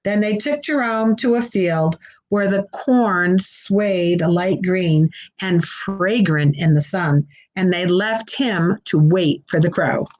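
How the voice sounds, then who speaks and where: A woman's voice: lowish voice, slow pace, a little mellow, slight background noise. Woman reading a story to children. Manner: explains words for children. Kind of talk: children's story read-aloud.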